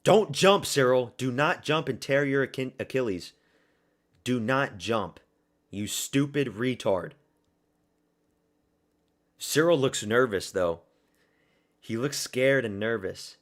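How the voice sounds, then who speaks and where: A man streaming a watch party, giving excitable, profane live reactions to a fight and often repeating himself. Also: medium pitch, slow pace, pauses often.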